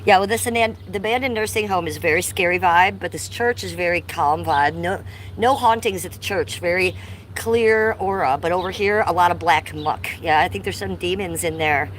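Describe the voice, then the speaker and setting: A woman's voice: on the low side, moderate pace, a little hiss or hum, low-quality recording. A woman with a Cleveland accent chatting on a casual livestream outdoors, a little out of breath from biking, reading chat comments aloud. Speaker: livestream host. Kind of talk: casual live-stream chat. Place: outdoors by an old church. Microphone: chest-harness phone.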